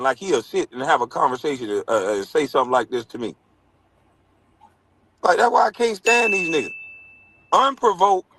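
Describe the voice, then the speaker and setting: A man's voice: high-pitched, fairly bright tone, no room sound, poor audio. A former pro athlete, a man, ranting angrily and mocking someone, repeating his insults. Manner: angry, mocking, repetitive. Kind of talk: heated rant in an interview clip.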